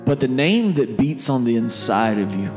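A man of middle pitch preaches in a loose storytelling way, talking straight to the congregation as if chatting with friends. Soft music sits faintly underneath his words. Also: big pitch swings, normal speed. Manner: conversational storytelling, speaking to the crowd directly. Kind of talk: sermon.

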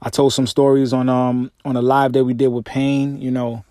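Male podcast host, mid-range voice, dry close-mic sound, animated profane storytelling. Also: moderate pace, dry recording. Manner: animated storytelling, swearing, voice jumps high when exasperated. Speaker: podcast host and music artist. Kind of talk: casual solo podcast monologue. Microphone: podcast microphone through a mixer.

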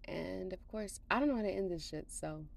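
A slightly tired woman hosts a podcast from home, rambling casually with plenty of fillers and laughter. Her mid-range voice is gravelly, expressive, and brisk.

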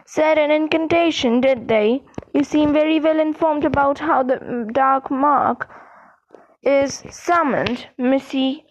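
A woman's voice: high-pitched, takes it slowly, dull audio. A woman voicing a cold, curt and furious older male official who snaps accusations. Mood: sneering. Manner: snapping, accusing.

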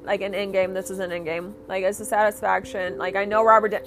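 A woman's voice: medium pitch, flat delivery, fast, faint music behind. A young woman hosting her own podcast, rambling and swearing through a casual, enthusiastic rant. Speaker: podcast host.

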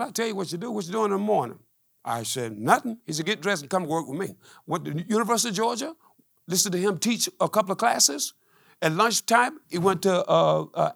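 Gravelly high-voiced preacher man. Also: dry recording, studio quality. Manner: call-and-response preaching, climbing to shouts; storytelling with quoted dialogue. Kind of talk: testimony sermon.

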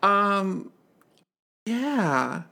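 A man co-hosts a casual movie chat in a high, very animated voice with vocal fry and a sharp tone, drawing out his words. He talks in rambling, stammering bursts full of fillers and restarts.

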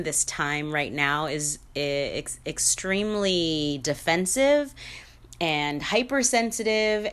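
Her voice is on the low side and a bit bright. As host of her own podcast, she talks frankly through her views alone, with lots of fillers, false starts and little laughs.

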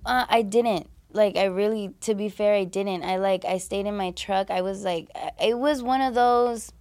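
Young woman, podcast guest, candid storytelling, blunt, profane, filler-heavy, mid-pitched voice. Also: moderate pace, darkish tone.

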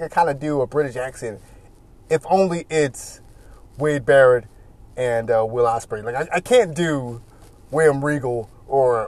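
A man giving casual solo commentary as a wrestling reviewer, rambling and animated, with many "you know"s. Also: on the high side.

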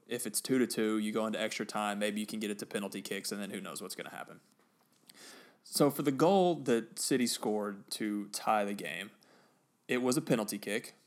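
A man on a podcast, casually retelling a football match with animated bursts of excitement. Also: on the low side. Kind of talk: casual storytelling chat.

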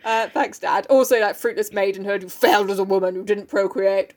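A woman's voice: medium pitch, fairly even intonation, quick pace, darkish tone. A woman co-hosting a podcast, recapping a play in casual chat, sarcastic and sweary, often laughing. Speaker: podcast co-host.

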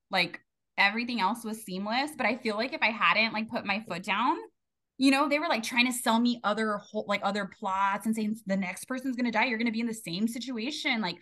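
A grieving woman hosts a podcast in a casual conversational style. She speaks in a bright, slightly high voice. She tells her story candidly and swears freely. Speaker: podcast host.

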